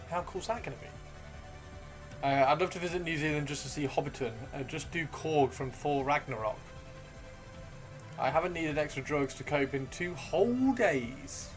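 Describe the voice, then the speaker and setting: Guy streaming, kinda high pitched, joking around reading chat, throat getting worn, faint game music behind. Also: normal speed. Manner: chatty, joking, self-mocking. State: throat wearing out from talking. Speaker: live streamer. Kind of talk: casual chat reading out viewer messages. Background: faint video game music.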